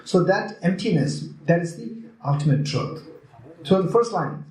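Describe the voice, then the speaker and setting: Teacher guy quizzing his class, voice a bit high, lots of echo. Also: lively intonation, normal speed, darkish tone. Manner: repeats phrases, quizzes and teases the audience. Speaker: Buddhist teacher. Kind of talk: retreat teaching, questioning students. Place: retreat teaching hall. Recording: echoey room.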